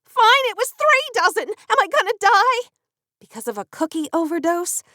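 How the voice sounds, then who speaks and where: A woman puts on a gushing, melodramatic young mom who treats every small worry as an emergency. Her voice jumps high and swings all over the place. The recording is close and dry, with no room sound. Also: big pitch swings, moderate pace, bright, forceful tone, no echo, heavily acted. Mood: anxious. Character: excitable, dramatic young mother and best friend, woman.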